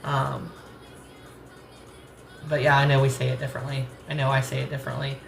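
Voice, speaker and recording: With a bass voice, level tone and vocal fry, a rural Southern American woman speaks fairly quickly as she cooks in her home kitchen. A cooking channel host from the United States, she chats casually, rambles and laughs easily, in a reverberant recording with faint music behind.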